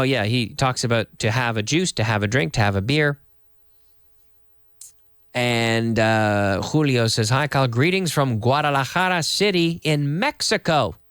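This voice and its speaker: A man's voice: mid-range voice, fairly bright tone, dry recording. Chatty male English teacher, dry sound. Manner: chatty, explains phrases and repeats them slowly. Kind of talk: live online English lesson.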